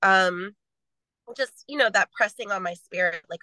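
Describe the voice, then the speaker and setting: A woman's voice: mid-range voice, unhurried, bright, forceful tone, no room sound, poor audio. A young adult woman talking as a podcast guest, earnest and rambling, sharing her faith in a casual way. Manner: earnest, rambling with many "like" fillers.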